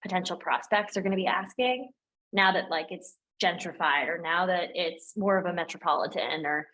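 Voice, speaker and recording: A young woman speaking as a guest in a casual interview, animated and chatty, filling her talk with "like" and "um". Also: fairly low pitch, moderate pace, poor audio. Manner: animated and chatty, heavy use of "like" and "um". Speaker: guest, operations lead at a tech firm.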